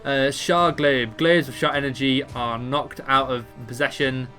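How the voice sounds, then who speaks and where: A man narrates his gameplay in an offhand, jokey way, reading ability text and tripping over words. His voice is bright and forward, and faint music sits under it. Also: medium pitch, steady tone, measured pace. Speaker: gamer explaining a raid boss. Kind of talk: casual gameplay commentary, reading abilities aloud.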